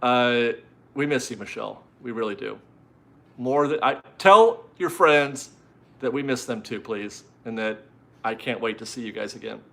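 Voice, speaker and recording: A man's voice: on the low side, steady tone, moderate pace, gravelly, a bit bright. Rambling, chatty man hosting a live stream. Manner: chatty and rambling, easily amused. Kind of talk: casual live-stream chat reading viewer donations.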